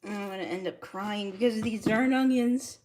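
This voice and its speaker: A woman's voice: medium pitch, moderate pace, darkish tone. A woman cooking on a livestream in her home kitchen, chatting casually as she greets viewers and reads the chat aloud. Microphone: streaming mic.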